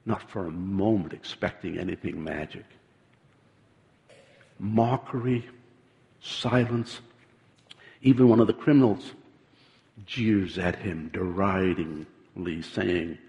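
A man preaching a sermon, unhurried, often stammering and restarting his phrases. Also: low voice, gravelly, warm tone, in a large hall.

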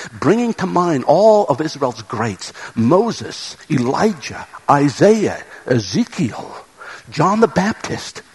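A man preaching a sermon, with a husky, fairly high voice. His pitch swings widely as he talks. He is earnest and repeats words as he builds each point. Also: a little mellow, low-quality recording.

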